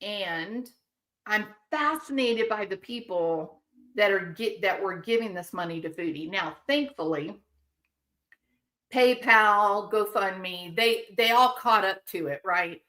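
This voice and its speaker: Woman commentary host, mid-pitched voice, indignant, emphatic delivery with rhetorical asides. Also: slow pace, fairly bright tone. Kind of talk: opinionated commentary.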